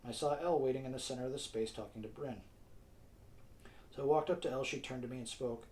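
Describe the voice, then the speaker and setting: A man's voice: mid-range voice, fast, a little mellow, poor audio. A man narrating his own audiobook in a casual style, dropping wry asides to the listener. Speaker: narrator and author. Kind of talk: self-read audiobook narration.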